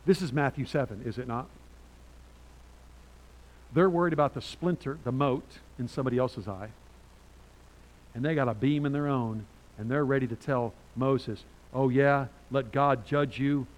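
A man's voice: medium pitch, normal speed, long pauses. Older preacher man in a reverberant church. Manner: animated preaching, loud rises, reads scripture aloud. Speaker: pastor. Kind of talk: sermon. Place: church sanctuary. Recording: church hall with long reverb.

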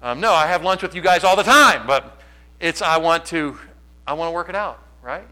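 Animated preaching man, bright tone. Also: a little high, moderate pace. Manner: animated preaching, swinging between loud and quiet. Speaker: pastor. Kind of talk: sermon. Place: church.

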